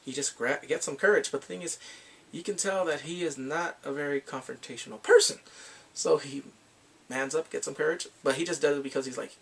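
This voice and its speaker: A man giving a casual, rambling movie review, laughing often and acting out quotes in high voices. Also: fairly quick, creaky, fairly bright tone, husky.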